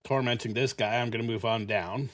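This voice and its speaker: A man's voice: medium pitch, steady tone, a little fast, pitched below the performer's own voice, lightly acted. A man voicing a smug, lazy male bear with a laid-back drawl as he retells a story.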